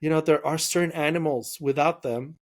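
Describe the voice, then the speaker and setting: A young man hosting a podcast interview, talking in an animated, opinionated way and slipping into quoted voices. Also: fairly high pitch, fairly quick. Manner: animated, opinionated, mimics voices when quoting. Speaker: podcast host. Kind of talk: casual interview conversation.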